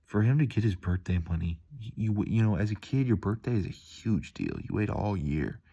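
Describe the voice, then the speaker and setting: A young man rambles in a relaxed, easygoing way, tossing in dude and man as he goes. His voice sits very low. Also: moderate pace, creaky, slightly rough. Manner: laid-back, calls the listener dude and man, mimics angry voices in stories. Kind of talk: rambling casual monologue.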